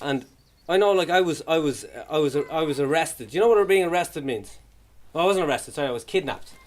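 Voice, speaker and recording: A man's voice: on the high side, expressive, a little fast. A young man doing stand-up, telling a story and acting out the voices in it. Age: young adult. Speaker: stand-up comedian. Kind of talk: stand-up comedy to a young audience. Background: audience laughter.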